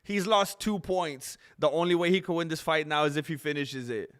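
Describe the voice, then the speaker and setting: A young man hosting a live stream, joking and reacting excitably as he comments on fights. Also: on the high side, normal speed, clear, resonant tone. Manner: excitable, joking, laughs often.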